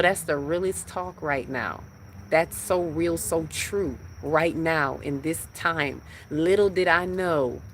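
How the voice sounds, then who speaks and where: A woman's voice: sits low, slight background noise. A woman hosting a spiritual livestream, teaching in a rhythmic, repetitive preaching cadence.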